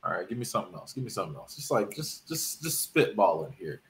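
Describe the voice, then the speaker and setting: A man's voice: on the low side, sing-song, quick pace. A man co-hosting a casual podcast, ranting emphatically about a TV show. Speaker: podcast co-host. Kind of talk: casual chat.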